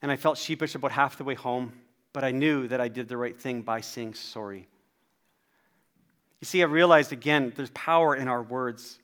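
A man preaching a sermon, telling a personal story in an animated, self-deprecating way. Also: mid-range voice, normal speed, clear, resonant tone. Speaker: pastor.

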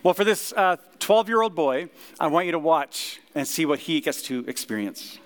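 Male pastor chatting through a sermon at a church potluck service, kinda high voice, loose and friendly pace. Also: moderate pace. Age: 30s or older. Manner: relaxed, chatty, many fillers. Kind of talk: casual conversational sermon.

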